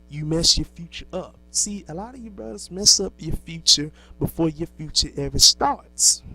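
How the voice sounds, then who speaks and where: A man's voice: on the high side, a bit bright, poor audio. Lecturing man with faint music behind. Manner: lecturing, rhetorical questions, many fillers and restarts. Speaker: speaker lecturing young black men. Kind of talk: preachy monologue.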